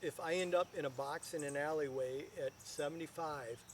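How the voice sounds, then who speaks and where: A man, a guest financial advisor, telling stories in a casual video chat and building up to loud punchlines. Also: a little high, normal speed, slight background noise.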